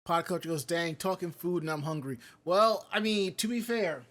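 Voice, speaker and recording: A man's voice: on the high side, moderate pace, fairly bright tone. A man co-hosting a live podcast, chatting casually, wandering off on tangents and reading viewer comments aloud into a home studio mic. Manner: rambling, digressive, reads chat comments aloud. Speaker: podcast co-host. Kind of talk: casual live-stream chat.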